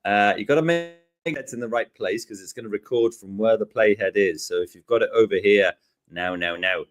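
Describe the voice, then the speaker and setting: A British man co-hosting a live software tutorial in a relaxed, jokey way, laughing often. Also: on the low side, fairly quick, soft background music. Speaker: co-host tutor. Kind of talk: casual live tutorial chat.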